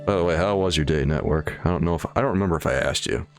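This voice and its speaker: A man's voice: deep voice, racing, music in the background. A man streaming a game late at night, tired, chatting and joking casually with his viewers. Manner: joking banter with chat, playful mock voices. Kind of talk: casual livestream commentary.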